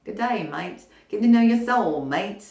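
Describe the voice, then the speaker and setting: A hammy, playful Aussie bloke, as a woman puts him on, pitched well above her own voice and loud. The over-the-top Australian accent is exaggerated on purpose, and it rings in a roomy space. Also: expressive, normal speed, muffled recording, natural voice. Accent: put-on Australian.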